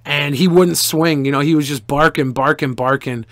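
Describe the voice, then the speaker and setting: A man streamer answering viewer questions in casual, animated storytelling, profane and boastful. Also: on the high side, moderate pace, no room sound.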